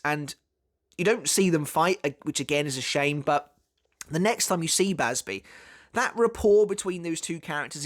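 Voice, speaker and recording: Chatty man analyzing an anime. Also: a little high. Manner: chatty, with frequent fillers and restarts. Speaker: anime commentary YouTuber. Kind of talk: casual video essay analysis.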